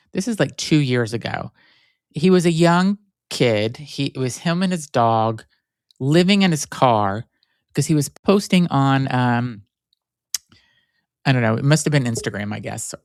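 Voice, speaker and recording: A man talks alone as host of his own podcast, circling through stories in a loose, rambling way and leaning on "like" as he goes. His voice sits at an ordinary pitch, with a clean, smooth tone. The sound is close and dry. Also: no room sound. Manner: rambling storyteller, frequent "like" fillers. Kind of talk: solo conversational podcast talk.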